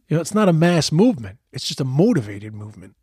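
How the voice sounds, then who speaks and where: A man's voice: on the high side, big pitch swings, quick pace, darkish tone, husky, no room sound, studio quality. A man giving heated, profane political commentary in a casual rant, often stumbling and repeating words.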